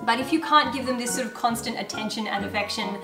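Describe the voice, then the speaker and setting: A woman's voice: fairly high pitch, fast. A woman host chatting earnestly and emphatically in a casual Q&A at home. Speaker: YouTuber, parrot owner. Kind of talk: casual Q&A chat. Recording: roomy echo with background music.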